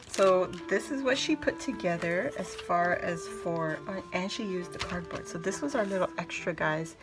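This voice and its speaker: A woman excitedly chatting through a scrapbooking haul, gushing and squealing with delight. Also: lowish voice, rough recording. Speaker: scrapbooking vlogger. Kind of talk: excited haul video chat. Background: background music.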